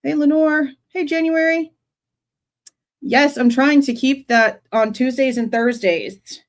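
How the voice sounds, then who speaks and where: A young woman with a high voice hosts a casual true crime livestream. She talks in a loose, chatty way and sounds exasperated. She keeps breaking off to greet viewers in the chat by name. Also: takes it slowly. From Texas.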